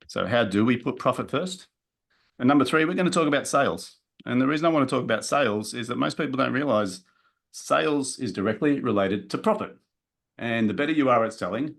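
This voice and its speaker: A man giving a live business seminar in a direct, energetic way, talking straight to the audience in the room. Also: medium pitch. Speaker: business coach presenting a workshop.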